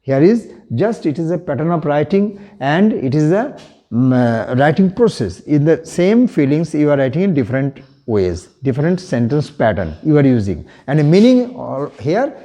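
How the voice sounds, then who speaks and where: A man with an Indian English accent giving an online English grammar lesson, explaining slowly and repeating example phrases. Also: on the high side, very animated, warm tone. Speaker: English teacher.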